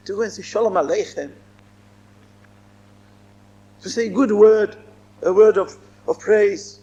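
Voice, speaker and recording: Emphatic rabbi with lively high voice. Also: male voice, moderate pace, muffled recording. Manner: emphatic, repeats phrases, mixes in Hebrew and Yiddish terms. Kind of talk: Torah lecture.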